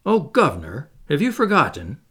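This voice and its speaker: A man's voice: a little high, wildly swooping pitch, normal speed, fairly bright tone, slightly rough, pitched above the performer's own voice, heavily acted. A man reading aloud, voicing a young noblewoman who speaks with earnest, pleading tenderness. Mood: tender.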